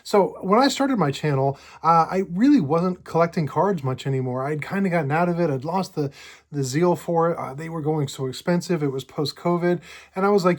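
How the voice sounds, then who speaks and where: A middle-aged man telling stories on his card collecting channel, chatty and halting, with many fillers and restarts. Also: fairly high pitch. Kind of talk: casual storytelling vlog.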